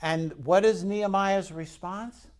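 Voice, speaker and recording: A man's voice: high voice, fairly even intonation, measured pace. A man preaching a conversational sermon as pastor, telling the story and putting questions to the congregation.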